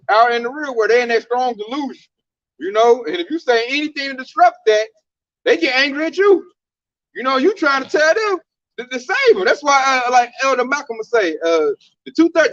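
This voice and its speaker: A man's voice: extremely high pitch, animated, a little fast, fairly bright tone, no echo, muffled recording. A man talking casually about religion in a preachy, emphatic way, full of slang.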